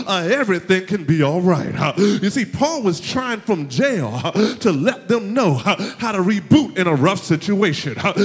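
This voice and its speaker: A man preaching a sermon in a church, with a rhythmic huffing cadence that climbs into shouted, half-sung runs. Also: high voice, big-room sound. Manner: rhythmic preaching with "huh" breaths, rising to shouted sung climaxes. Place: church sanctuary.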